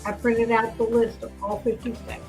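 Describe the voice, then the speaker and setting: A woman's voice: a little high, little pitch movement, normal speed, a little mellow, faint music behind, poor audio. A woman hosting a home vlog, chatting casually and reading official text aloud, often drifting off to react to what she reads. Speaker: channel host. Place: home in a residential cul-de-sac.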